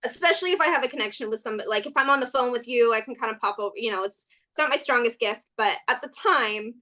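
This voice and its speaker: Animated, bright-voiced woman telling stories. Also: on the high side, quick pace. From California. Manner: animated, laughs often, many "like" fillers. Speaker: podcast guest. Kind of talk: casual storytelling chat.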